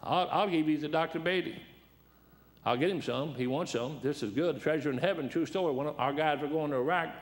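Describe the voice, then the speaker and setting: Folksy preacher, highish voice. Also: male voice, fairly quick. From Detroit. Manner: folksy, rambling anecdotes with repeated restarts. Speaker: guest preacher. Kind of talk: storytelling sermon.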